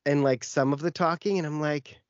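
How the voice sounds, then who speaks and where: A man's voice: fairly high pitch, fairly even intonation, fairly quick, dry recording, dull audio. A man co-hosting a podcast, telling a long story in casual chat with lots of fillers. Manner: rambling storytelling with many fillers. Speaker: podcast co-host.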